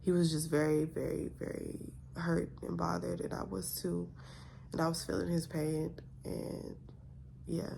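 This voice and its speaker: A woman's voice: fairly low pitch, level tone, a little slow, gravelly, dark tone, slight background noise. A young woman vlogger telling a story in a casual, exasperated way, full of rhetorical questions.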